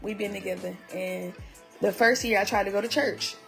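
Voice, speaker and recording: A woman's voice: mid-range voice, fairly even intonation, normal speed, vocal fry, fairly bright tone, faint music behind. A woman telling her story to viewers in a heated, blunt and profane way, casually addressing them directly. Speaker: vlogger recapping her relationship.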